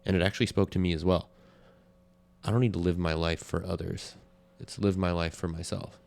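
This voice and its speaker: A man's voice: deep voice, flat delivery, a little fast, vocal fry, a little mellow. A man co-hosting a podcast who talks bluntly and openly about personal loss in casual conversation. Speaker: podcast co-host.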